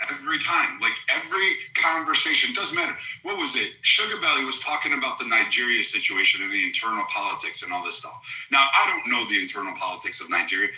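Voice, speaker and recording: A man's voice: medium pitch, bright, forceful tone. A man talking in a casual group discussion, mocking others and explaining his side. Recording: echoey room.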